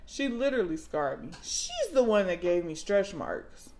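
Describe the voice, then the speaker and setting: A woman in her thirties telling stories about her kids in a casual vlog, dramatic and animated, jumping into loud high outbursts when she acts out moments. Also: normal speed. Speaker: mom vlogger.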